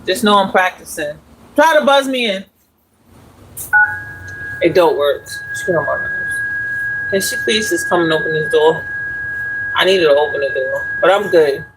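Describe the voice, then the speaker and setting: A speaker in their forties chats loosely on a live stream, drifting from one thought to the next. The talk is casual and unhurried, recorded on a phone while walking outdoors. A faint bed of noise sits under the voice. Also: medium pitch, expressive. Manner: chatty and meandering, talks while walking and exercising. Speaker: livestreamer. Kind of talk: rambling casual live chat.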